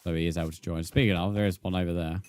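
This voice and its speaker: A man's voice: deep voice, very fast, music in the background. Laid-back British man streaming a game. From Britain. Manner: relaxed, reads chat aloud and answers viewers, says "mate". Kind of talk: casual live-stream chat while gaming.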